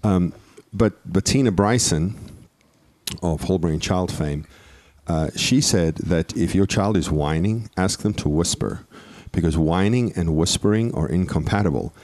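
A man's voice: deep voice, animated, unhurried, a little mellow, no echo. A man in his thirties co-hosting a casual parenting talk, earnest and playfully argumentative. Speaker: podcast co-host.

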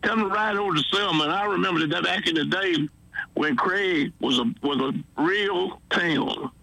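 A man's voice: sits high, normal speed, vocal fry, sharp tone, no room sound, rough recording. A man with a Southern accent calling in to a radio show by phone while driving, rambling and exasperated. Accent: Southern US, Alabama. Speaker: caller. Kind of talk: call-in phone chat.

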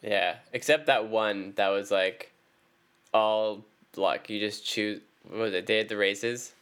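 A man's voice: lowish voice, fairly even intonation, slow pace, fairly bright tone, smooth. A man co-hosting a casual gaming chat, mostly chiming in with short, laid-back agreements. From Canada. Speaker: co-host.

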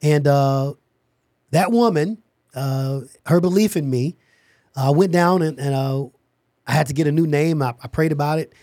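Lively man telling a business story. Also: fairly high pitch, moderate pace, no echo, clean studio sound. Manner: animated storyteller, acts out dialogue. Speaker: podcast guest, security company owner. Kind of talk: storytelling in a podcast interview.

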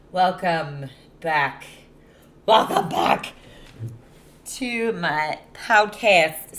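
A woman's voice: deep voice, a bit bright. A young woman hosting her podcast, exhausted after a trip, talking candidly in a rambling way and swearing freely. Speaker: podcast host. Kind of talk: casual solo podcast chat.

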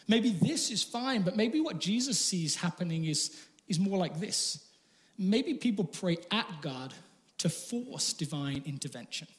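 A man delivers a sermon in a conversational tone, posing rhetorical questions and adding light humorous asides. His voice sits high for a man. It rings out with the long reverb of a large church hall. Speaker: preacher.

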